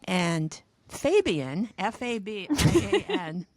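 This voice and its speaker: A woman's voice: mid-range voice, very animated, slow, dry recording. A woman in her sixties, a podcast co-host and mother, telling stories in a rambling, hesitant way in casual chat.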